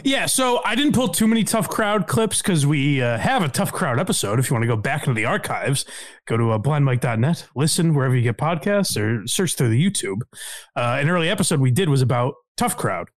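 A man's voice: fairly high pitch, expressive, a little fast, no room sound. Chatty man hosting a podcast, dry sound. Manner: laughs often, rambling with fillers. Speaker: podcast host. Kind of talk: casual podcast chat.

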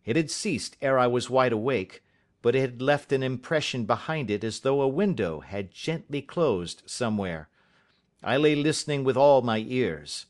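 A man narrating a first-person audiobook in a measured, dramatic storytelling manner. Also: medium pitch, lively intonation.

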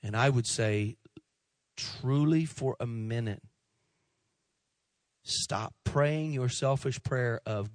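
A man's voice: mid-range voice, slow, pauses often, no echo. Impassioned male pastor preaching. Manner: impassioned preaching, soft and pleading at the close. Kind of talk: sermon. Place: church sanctuary.

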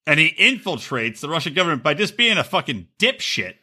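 A man's voice: fairly high pitch, sing-song, brisk, sharp tone, husky. A man co-hosting a podcast in casual, crude, jokey chat. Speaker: podcast co-host.

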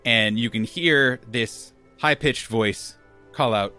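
A man's voice: medium pitch, slow pace, sharp tone, soft background music. A man narrating as game master of a tabletop game, loosely, with casual fillers.

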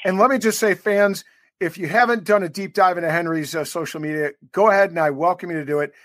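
A man's voice: high-pitched, fast, a bit bright, dry recording, studio quality. A man co-hosting a rugby podcast, chatting casually and rambling with fillers. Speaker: podcast co-host. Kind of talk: casual interview banter.

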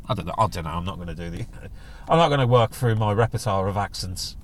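Talking fast and animated in a lowish voice, a middle-aged man hosts a solo podcast with a casual, rambling, jokey feel. Whenever he quotes someone, he does a silly voice.

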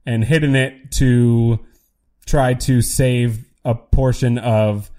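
A man's voice: mid-range voice, steady tone, slow, dark tone. A young man co-hosting a podcast, recapping a TV episode in casual chat, musing and trailing off mid-sentence. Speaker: podcast co-host.

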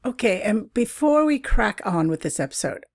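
A woman's voice: medium pitch, very animated, moderate pace, dry recording, clean studio sound. A middle-aged woman from Canada hosting a travel podcast, chatting casually in a bubbly way and laughing often. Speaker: podcast host.

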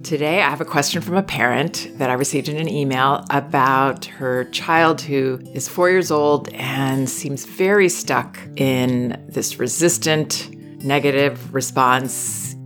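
Calm measured woman podcast host. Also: low voice, soft background music. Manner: measured, gentle explaining with deliberate pauses. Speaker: podcast host and parenting advisor. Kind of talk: calm advice podcast, reading a listener's letter.

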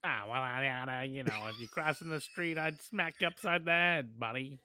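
A man voicing a gruff, rude stoner tough guy who talks curt and threatening. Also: medium pitch, normal speed, sharp tone, dry recording, clean studio sound. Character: gruff blunt-smoking grown man, rude.

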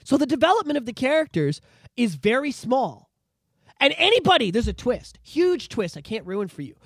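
Podcast host, male, very high and lively voice, profane and excitable, dry sound. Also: moderate pace, no room sound. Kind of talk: casual chat.

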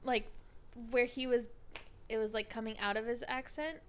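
A woman chatting casually about movies, talking quickly and filling her sentences with "like". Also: fairly high pitch, fairly even intonation, crowd noise. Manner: quick, many "like" fillers. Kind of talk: casual movie review chat.

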